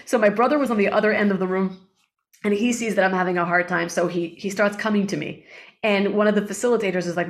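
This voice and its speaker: A woman being interviewed as a guest, telling a personal story in an earnest, animated way. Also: medium pitch, quick pace.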